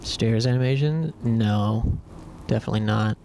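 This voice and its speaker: A man's voice: lowish voice, normal speed, dark tone, a little hiss or hum. A man streaming a video game, giving laid-back, wry commentary. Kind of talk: casual gameplay commentary.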